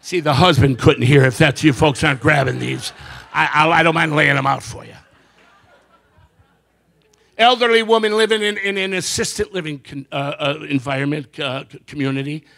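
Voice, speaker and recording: A man doing a stand-up comedy routine before a live audience, telling jokes and slipping into quick character voices. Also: fairly high pitch, creaky, fairly bright tone. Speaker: comedian and magician.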